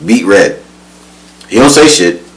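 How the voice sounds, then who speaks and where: A young man casually telling a story from his life, animated and profane, laughing often and mimicking the people he quotes. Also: on the low side, slow, low-quality recording.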